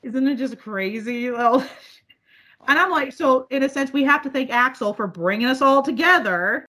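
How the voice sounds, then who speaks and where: A woman from the northern US, chatting casually as a podcast co-host, loud, laughing often and swearing freely. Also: high-pitched, a little slow. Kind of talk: casual chat.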